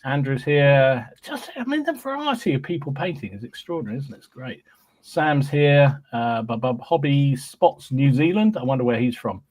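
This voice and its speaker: A man's voice: mid-range voice, lively intonation, normal speed, a little mellow. A man hosting a podcast, cheerfully reading out live chat greetings with frequent ums and restarts. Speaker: podcast host.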